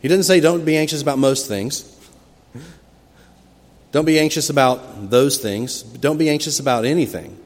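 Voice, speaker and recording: A male pastor delivering a sermon, telling the story expressively and rising loudly when he acts out the disciples' cries. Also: fairly high pitch, normal speed, long pauses. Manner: expressive storytelling, acting out quoted cries with sudden loud rises. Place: church sanctuary. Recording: long hall reverb from a church.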